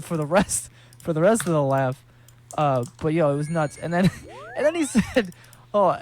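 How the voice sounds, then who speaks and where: A man casually telling a story while playing a game, laughing often and swearing freely. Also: a little high. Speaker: gaming streamer.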